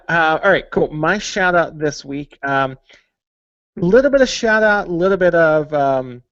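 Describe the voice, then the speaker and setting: A man's voice: a little high, a bit bright, no room sound, highs cut off. A man hosting a podcast, talking casually and joking, with lots of fillers. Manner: chatty, jokey, many fillers. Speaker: podcast host. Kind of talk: casual chat.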